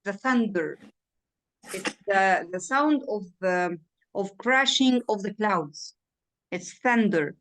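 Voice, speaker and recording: Speaking slowly in a mid-range, slightly bright voice with lively intonation, a woman tutors a student in English online. She is a native Arabic speaker who patiently drills words and checks understanding during this one-on-one video lesson.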